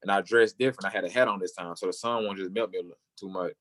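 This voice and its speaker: A young man, a football player, telling his story in an interview and acting out the people he quotes, sometimes jumping way up in pitch for their lines. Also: steady tone, racing, a bit bright. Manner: acts out quoted voices, jumping high for other people.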